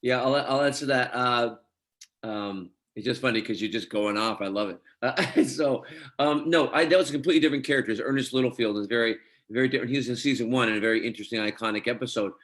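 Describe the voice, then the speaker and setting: Speaking quickly in a mid-range, slightly bright voice, a middle-aged actor from Scotland shares stories as an interview guest. His casual storytelling is chatty and full of quoted remarks, and he laughs readily.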